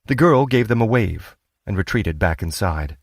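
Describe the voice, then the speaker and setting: A man reading an audiobook as narrator, steady and measured. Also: lowish voice, no room sound, clean studio sound. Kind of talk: scripted narration.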